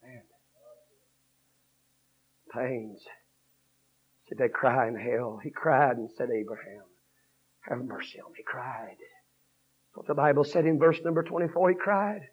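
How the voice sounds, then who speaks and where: A man preaching a revival sermon, swinging from hushed storytelling to shouted fervor. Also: mid-range voice, unhurried, long pauses, slightly rough, phone-quality sound.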